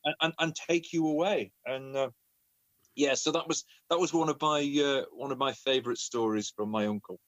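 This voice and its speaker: A man who is a professional storyteller, telling a family story in an animated way, often repeating words. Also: medium pitch, normal speed, no room sound. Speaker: professional storyteller and children's author. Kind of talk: conversational storytelling.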